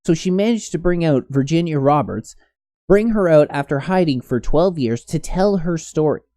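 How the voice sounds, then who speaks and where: A man's voice: fairly high pitch, expressive, moderate pace, warm tone, dry recording, clean studio sound. A man giving casual commentary on a news story, rambling with many restarts. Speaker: commentary host.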